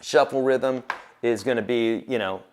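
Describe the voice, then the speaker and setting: A man's voice: mid-range voice, a little slow, background noise. A man teaching guitar on a livestream, talking casually and encouragingly and counting beats aloud.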